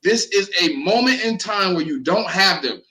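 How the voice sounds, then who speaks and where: Philly guy with a bright, punchy voice, kinda high, ranting about football and cussing a lot. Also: normal speed, rough recording. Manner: animated, profane, repeats words when heated. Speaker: co-host. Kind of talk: casual sports talk.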